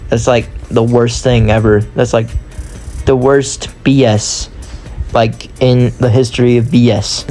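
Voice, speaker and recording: A man's voice: medium pitch, fairly even intonation, a little slow, warm tone, faint music behind. A man giving casual, rambling commentary on a football video game, with a voice strained from long recording and self-deprecating asides. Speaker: gaming YouTuber.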